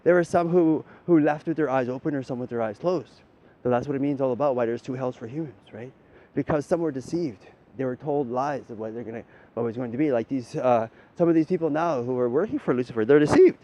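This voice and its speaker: A man's voice: fairly quick, mellow. A man giving a rambling spiritual monologue, often ending his points with "right?" and swearing casually. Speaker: spiritual talker. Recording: dull lo-fi audio with faint rumble.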